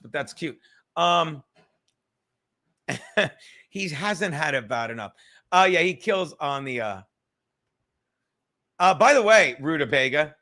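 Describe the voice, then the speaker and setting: A fairly high-pitched man with a bright, tense edge to his voice, hosting a casual livestream from home. He rambles loosely and swears freely, joking as he goes. The talk feels offhand and unscripted. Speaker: comedian and livestream podcast host. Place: at home in a cluttered room.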